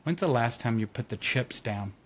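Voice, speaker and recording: Animated man telling a personal story. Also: medium pitch, normal speed, a little hiss or hum. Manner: animated storyteller, acts out quotes, laughs often. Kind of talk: casual chat.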